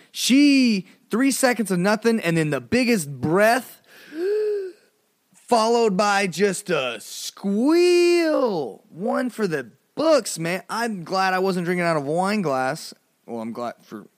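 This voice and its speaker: A man hosts a podcast, telling a funny story from when he was a kid in a casual, playful style heavy on "like" and side remarks. Animated, he swings from low mumbles to high exclamations, recorded dry and at studio quality.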